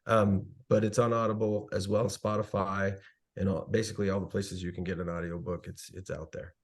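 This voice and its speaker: A man talking as a podcast guest, relaxed and earnest, giving motivational advice. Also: deep voice, fairly quick. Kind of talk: casual interview talk.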